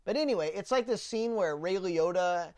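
On her political podcast, a female host rants with strong opinions, mocking opponents in sarcastic put-on quotes and frequently tripping over repeated words as sentences begin. Her fairly low voice is a little mellow, with lively intonation and a normal pace.

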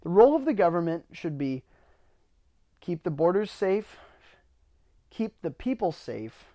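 A man's voice: high voice, sing-song, measured pace, mellow. A man hosting a podcast, ranting in a casual monologue, swearing freely and often repeating words as he starts sentences. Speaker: podcast host.

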